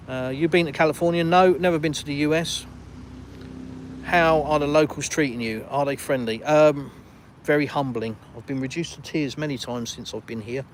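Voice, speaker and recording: A retired Englishman hosting a live stream outdoors, reading out viewer comments and answering them in relaxed, chatty talk. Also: on the high side, normal speed, slight background noise. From England. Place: outdoors in a village, walking.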